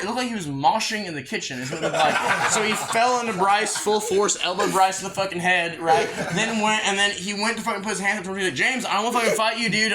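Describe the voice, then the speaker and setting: A man's voice: sits high, rough recording. A young man hosting a podcast, telling a long, profane story in a casual, rambling way. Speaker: podcast host.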